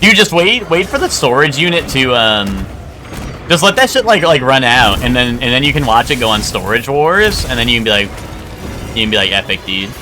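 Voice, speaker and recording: A man's voice: medium pitch, big pitch swings, moderate pace, music in the background. A young man streaming a game live, rambling and joking with crude banter to his chat. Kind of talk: casual live gameplay chat.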